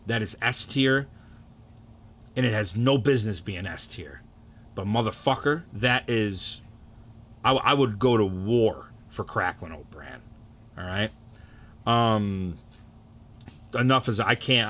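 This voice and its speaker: A man's voice: on the low side, expressive, slow pace, pauses often, a bit bright, slight background noise. A young man ranking cereals in a casual, profane, rambling way, getting worked up and restarting his sentences.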